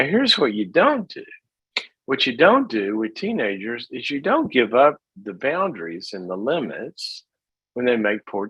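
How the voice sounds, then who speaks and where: A man's voice: medium pitch, fairly bright tone, husky, dry recording, rough recording. A middle-aged man hosting a call-in advice show, talking in a casual, folksy way and acting out little scenes.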